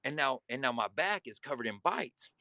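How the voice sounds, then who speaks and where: A man's voice: mid-range voice, animated, normal speed, bright, forceful tone, dry recording. A man telling a guest story in casual, vivid, profane talk and acting scenes out.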